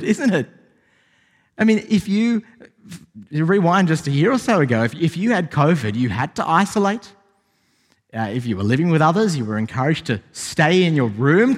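Man, pastor, sermon, animated delivery, wide pitch swings, long hall echo. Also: husky. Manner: animated, rising to emphatic exclamations.

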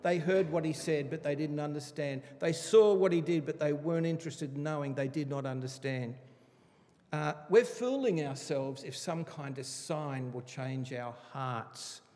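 Male Bible teacher, lively and emphatic, a bit high-pitched, long hall reverb. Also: moderate pace. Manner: animated, emphatic, chatty asides. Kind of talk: conversational Bible study sermon.

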